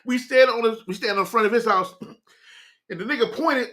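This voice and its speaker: Young male host, keeps breaking into laughter, animated delivery. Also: extremely high pitch, normal speed. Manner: laughing hard, breaking into giggles between words. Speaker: morning show host. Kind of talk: casual chat with live viewers.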